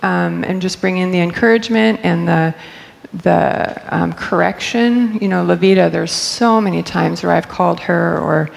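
A middle-aged woman shares personal stories from a church stage in a candid, chatty way. Her lowish voice carries a gravelly edge, and a long reverb trails behind her words in the hall. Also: moderate pace. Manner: candid, chatty, laughs often. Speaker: church staff member speaking. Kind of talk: personal storytelling talk.

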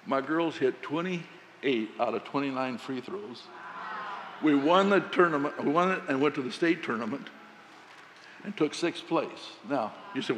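A man preaching a sermon, telling a folksy story about coaching and quoting himself with animated emphasis. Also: fairly high pitch, normal speed, big-room sound, a little hiss or hum.

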